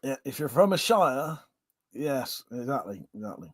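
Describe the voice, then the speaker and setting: A man's voice: medium pitch, sing-song, fairly bright tone, no room sound. An English man hosting a casual drinking livestream and reading viewer comments aloud, joking, laughing and swearing freely, with a drink in hand. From Buckinghamshire, England. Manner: jokey and laughing, swears freely, drawn-out repeated agreements. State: having a drink. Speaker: livestream host.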